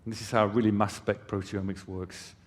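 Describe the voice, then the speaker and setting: With a somewhat low voice and flat delivery, a male company presenter moves briskly through his talk on a conference hall stage. He explains in a conversational way, adding casual asides for the audience, and the room leaves a long hall reverb.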